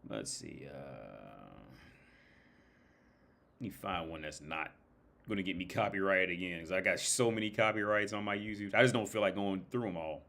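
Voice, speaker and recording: A man's voice: low-pitched, normal speed, gravelly, fairly bright tone. A man hosting a livestream in a casual, rambling, profane style, full of fillers, who breaks into imitations of British and Irish accents. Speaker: livestream host.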